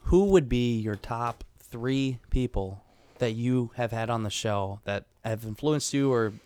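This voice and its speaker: A man hosting a podcast interview, chiming in with quick, affirming reactions and posing questions. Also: medium pitch, darkish tone, clean tone. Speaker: podcast host.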